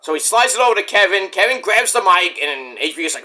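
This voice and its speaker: A man casually recapping a wrestling show, swearing freely and acting out the wrestlers' lines in loud put-on voices. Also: high voice, expressive, normal speed. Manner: profane, acts out quotes in big shouted voices.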